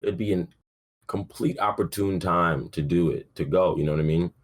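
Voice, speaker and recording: With a deep voice at a moderate pace, this young podcast host talks sports on his own in a casual show. He's sleepy and yawns as he rambles, curses freely, and drops in lots of fillers, sounding laid-back and offhand.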